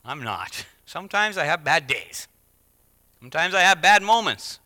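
A middle-aged man preaches with a very bright, slightly raised voice. He drops to near-whispers, then surges into loud, emphatic declarations. The sound is dry and close. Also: a little high, sing-song, normal speed, dry recording. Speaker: pastor. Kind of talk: sermon.

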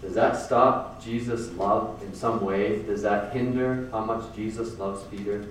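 Casting: earnest male preacher, low voice, recorded from a distance, casual sermon with repeated phrases. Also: steady tone, a little slow, slight background noise. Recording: very echoey room from far off.

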